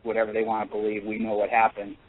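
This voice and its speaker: A man calling in to a radio show, telling a personal story in an earnest, halting way with many pauses and restarts. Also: lowish voice, monotone. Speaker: caller. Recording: tinny phone line.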